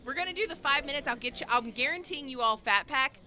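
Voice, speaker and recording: A woman's voice: high voice, expressive, quick pace, sharp tone. A woman running a trivia game in a game store, bossy and giggly. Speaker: trivia quizmaster. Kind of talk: casual group banter.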